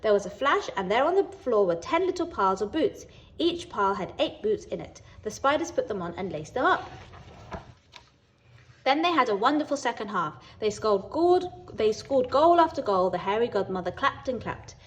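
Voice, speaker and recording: Brief: British woman, teacher reading a storybook to kids, bouncy pitch, warm expressive telling. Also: moderate pace, a little hiss or hum. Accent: British English. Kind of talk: children's story read-aloud.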